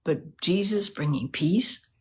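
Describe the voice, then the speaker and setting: Lady doing a chatty bible talk, bit breathy, animated, keeps saying right?. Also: fairly low pitch, slow. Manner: animated, conversational, laughs often, many rhetorical "right?". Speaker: devotional teacher. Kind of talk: casual devotional teaching.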